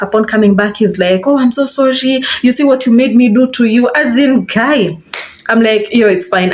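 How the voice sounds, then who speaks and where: A young woman with a Kenyan accent tells a story in a casual, chatty way while she gets ready. She is animated and jumps into a higher voice to act out what others said. Her pitch sits in the middle range. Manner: animated, switching between English and Swahili slang, acts out quotes in a high voice. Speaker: vlogger.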